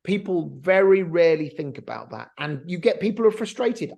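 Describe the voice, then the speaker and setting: A middle-aged man co-hosts a business podcast, speaking in a high, creaky voice at a fairly quick clip with few pauses. The discussion is casual, and he talks animatedly, acting out other people's voices when he quotes them.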